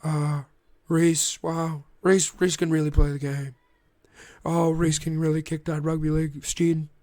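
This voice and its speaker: Australian man doing a blustery older American politician, put-on American accent, boastful, repeating superlatives, pitched a bit high, dry close sound. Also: level tone, measured pace, a little mellow, dry recording, natural voice.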